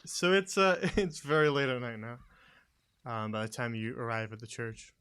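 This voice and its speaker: A man running a tabletop game, narrating in a relaxed way with many fillers. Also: mid-range voice, moderate pace, smooth. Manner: relaxed, filler-heavy, chuckling. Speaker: game master.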